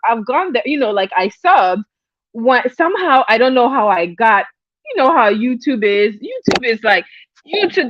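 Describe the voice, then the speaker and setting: A woman hosts a casual livestream from home, reading the chat and talking back to it. Her voice sits a bit high, and she rambles, restarts her sentences and keeps breaking into giggles. The sound is dull and dry, like a built-in device mic. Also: dry recording.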